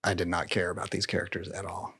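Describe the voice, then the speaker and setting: A man's voice: deep voice, little pitch movement, fast, fairly bright tone, breathy edge. A man co-hosting a movie podcast, chatting goofily and laughing a lot. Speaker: podcast co-host. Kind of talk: casual movie review chat.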